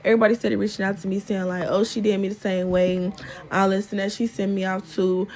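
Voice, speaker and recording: A woman's voice: medium pitch, little pitch movement, brisk, darkish tone. A young woman telling a story to her viewers in casual chat, exasperated and talkative, often calling them y'all. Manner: chatty and exasperated, addresses viewers as y'all, fills with "or whatever". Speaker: storytime vlogger.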